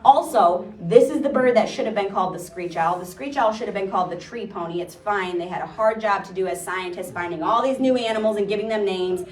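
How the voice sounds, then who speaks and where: A woman's voice: mid-range voice, brisk, few pauses. A woman nature educator giving a chatty, playful talk about birds to a live audience, now and then imitating their calls. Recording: echoey room, distant mic.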